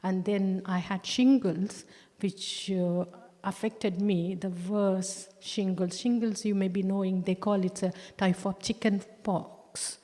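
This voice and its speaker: A woman of middle pitch gives a personal testimony in church. She speaks earnestly and haltingly, restarting phrases and slowing down to stress key words. Her voice carries a long reverb from the hall. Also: fairly even intonation, mellow. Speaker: church member giving testimony.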